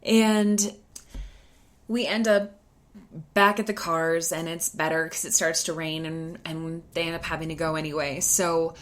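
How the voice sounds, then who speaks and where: Chatty woman with a lowish voice. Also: level tone, a bit bright. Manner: chatty, full of "like" and quick restarts. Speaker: podcast host. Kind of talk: casual personal storytelling.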